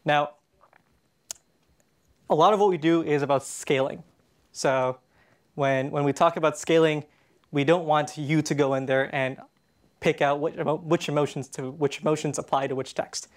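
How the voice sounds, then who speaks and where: A Canadian man speaks on a conference stage in a fairly high voice. His talk is casual and conversational, full of "um"s and restarts. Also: fairly even intonation, moderate pace, pauses often. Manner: casual, chatty, with frequent fillers and restarts. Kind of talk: conference presentation.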